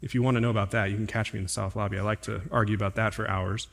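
A male pastor preaching a sermon, climbing to emphatic, higher-pitched stresses on key points and dropping low and quiet for asides and scripture references. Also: little pitch movement, rapid-fire, vocal fry. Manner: drops to a quieter, lower tone for asides and reading references.

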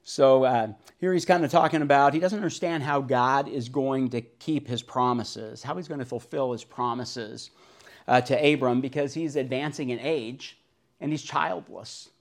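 A man teaching verse by verse through the Bible in a relaxed, conversational way, with frequent fillers and restarts. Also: mid-range voice, normal speed.

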